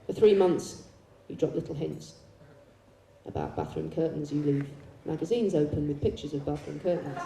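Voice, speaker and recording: A woman's voice: on the low side, recorded from a distance. A woman performing a live stage monologue and a poetry reading, teasing the audience with playful banter. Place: large concert hall, live show. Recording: echoey hall recording.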